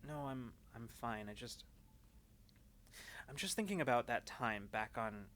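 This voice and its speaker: A man voicing a woman pilot in a tabletop game, speaking quietly and haltingly, full of hesitation. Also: medium pitch, lively intonation. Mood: troubled. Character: anxious, hesitant female pilot.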